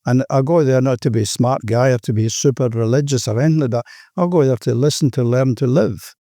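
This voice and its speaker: Older Australian man, mellow tone, earnest rambling recovery share, dry close sound. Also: medium pitch, fast talker, no room sound. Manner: earnest, rambling, peppered with "you know". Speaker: recovering alcoholic sharing his story.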